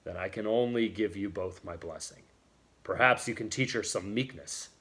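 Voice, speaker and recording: A man reading a stern, gruff old father. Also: rumbling low, little pitch movement, measured pace, pitched below the performer's own voice, heavily acted.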